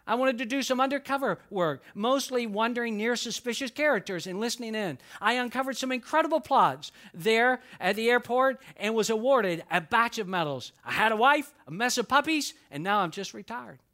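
A man's voice: extremely high pitch, animated, normal speed, few pauses, pushed and bright, pitched above the performer's own voice, full character voice. A man voicing a boastful male talking dog spinning a tall tale about his spy career, as a joke within a sermon.

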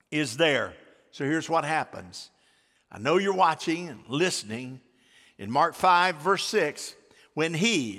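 A man preaching a sermon with emphatic, stretched-out words and quieter storytelling asides. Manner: emphatic, stretches key words slowly, drops to a low aside for stories. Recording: hall reverb.

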